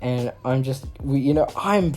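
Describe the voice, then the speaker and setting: A man's voice: mid-range voice, measured pace, a little mellow, faint music behind. A young man vlogger telling a story in a rambling way, full of fillers. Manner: rambling, filler-heavy casual talk. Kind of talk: storytime vlog.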